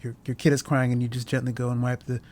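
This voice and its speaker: A man in the host's chair, talking through a film he loves in a loose, unscripted way. He stops and restarts his sentences often and leans on fillers, and he sounds sincerely moved by what he describes. His pitch sits in an ordinary middle range. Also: little pitch movement, darkish tone. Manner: rambling, halting, many restarts and fillers; earnest, emotionally moved. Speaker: film discussion host. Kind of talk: casual film commentary.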